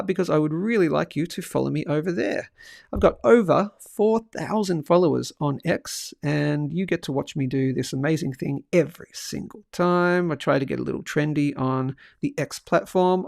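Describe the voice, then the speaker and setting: A man's voice: a little high, gravelly, no echo, clean studio sound. Chatty man hosting a livestream. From Australia. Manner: chatty, jokey, reads out viewer comments. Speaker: livestream host. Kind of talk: casual livestream chat.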